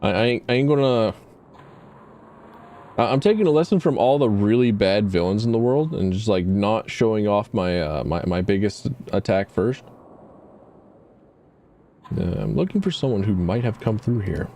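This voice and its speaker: A man's voice: lowish voice, expressive, normal speed, long pauses, dark tone, slight background noise. A man streaming a game, talking casually in a rambling, stammering, self-mocking way. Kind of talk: casual gameplay commentary.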